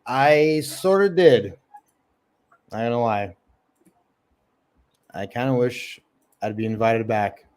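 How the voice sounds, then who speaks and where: A man's voice: medium pitch, slow, pauses often, a little mellow. A man hosting a casual livestream chat, rambling with lots of fillers. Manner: rambling, many ums and likes. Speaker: livestream host.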